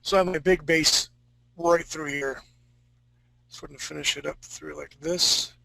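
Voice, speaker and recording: A man's voice: on the high side, steady tone, normal speed, creaky, sharp tone, no echo, rough recording. A man teaching a live fantasy-art drawing class, talking casually and joking with his students. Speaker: art instructor.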